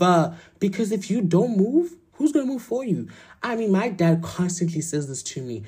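A woman's voice: mid-range voice, lively intonation, moderate pace, warm tone, breathy edge. A young woman giving a blunt, emphatic motivational talk, repeating her points and swearing for force. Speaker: motivational vlogger.

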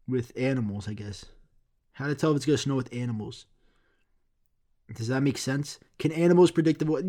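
A young man hosting a solo podcast, ranting profanely and swinging between loud outbursts and low mumbles. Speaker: podcast host. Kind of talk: casual solo podcast rant.

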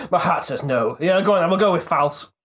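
Giggly man with a lively voice. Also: a little high, moderate pace, a crowd in the background. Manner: giggly, jokey, crude asides. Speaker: podcast co-host, contestant. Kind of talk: casual banter in a quiz game.

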